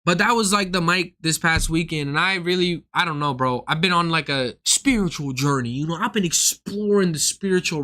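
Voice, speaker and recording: Heated young man ranting, forceful voice. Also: a little high, normal speed, hardly any pauses. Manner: profane, heated, swings into act-outs. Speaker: comedian streaming to viewers. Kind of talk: casual ranting monologue.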